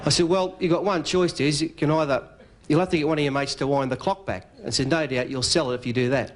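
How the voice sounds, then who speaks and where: A man with an Australian accent telling a comic story at a club dinner, spinning a yarn with quick punchlines and doing the other man's lines. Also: a little high, steady tone. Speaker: after-dinner speaker. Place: club function room.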